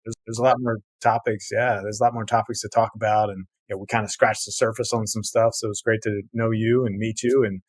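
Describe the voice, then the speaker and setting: Male podcast host, low voice, easygoing, affirming. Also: level tone, brisk, hardly any pauses, husky, dry recording. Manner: easygoing, affirming, says "man" and "dude". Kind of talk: casual interview talk.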